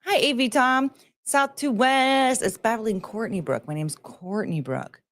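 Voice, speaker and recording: A woman's voice: medium pitch, big pitch swings, normal speed, fairly bright tone, slight background noise. Chatty woman hosting a livestream. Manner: chatty, greets viewers, sing-song asides. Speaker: livestream host. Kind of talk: casual livestream chat.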